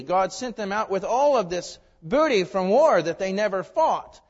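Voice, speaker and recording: A man preaching an expository sermon, asking the congregation rhetorical questions and swinging between loud emphasis and hushed asides. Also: sits high. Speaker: pastor. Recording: reverberant hall, dull lo-fi sound.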